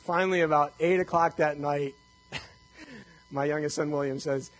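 An older man telling personal stories to a live audience in an animated, joking way, acting out the dialogue. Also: fairly high pitch, normal speed, long pauses, poor audio. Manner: animated, jokey, acts out dialogue. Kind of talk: storytelling talk to a live audience.

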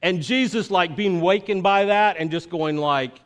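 Pastor, man, middle-aged, relaxed sermon delivery with frequent fillers; clear, slightly high voice. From Florida. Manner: halting, many fillers and restarts. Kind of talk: conversational sermon.

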